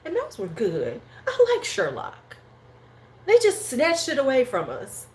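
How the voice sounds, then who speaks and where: A woman's voice: high voice, huge pitch swings, a little slow. A woman hosting a casual livestream chat at home, rambling and slangy. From United States. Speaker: host.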